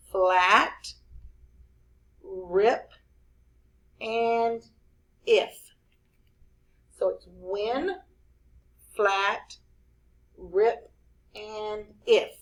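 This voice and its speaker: A woman teacher leading a spelling lesson for young children, spelling each word slowly letter by letter. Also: mid-range voice, fairly bright tone, low-quality recording. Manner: slow, clear, spelling words out letter by letter.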